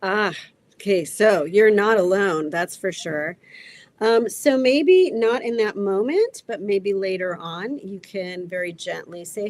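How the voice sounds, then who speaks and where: A woman therapist giving measured, gentle relationship advice in a conversational interview. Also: mid-range voice. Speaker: marriage and family therapist guest.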